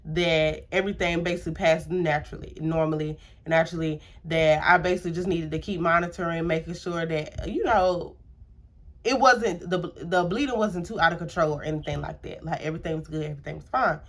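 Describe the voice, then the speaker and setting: A storytime vlogger in young adulthood recounts something from her own life, talking casually with lots of repetition and filler words. She speaks fairly quickly in a deep, steady voice.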